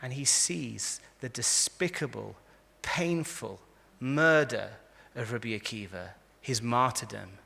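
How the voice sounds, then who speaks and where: A man, a rabbi, giving a lively lecture to a live audience, telling stories and acting out the quotes with frequent restarts. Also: mid-range voice, slow pace, vocal fry, few pauses, breathy edge. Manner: animated storyteller, frequent restarts, acts out quotes. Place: large convention hall. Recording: echoey hall.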